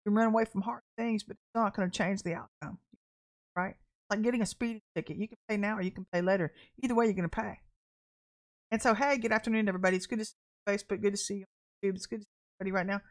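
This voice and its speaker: A woman's voice: mid-range voice, fairly even intonation, very fast. A middle-aged woman hosting a livestreamed prophetic podcast, talking bluntly and animatedly, laughing at herself and repeating phrases for emphasis.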